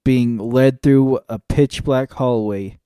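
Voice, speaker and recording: A man co-hosting a podcast, building comic scenes in a deadpan, vivid way. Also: medium pitch, slow pace, clean tone, dry recording, studio quality. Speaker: podcast co-host. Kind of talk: casual comedic chat.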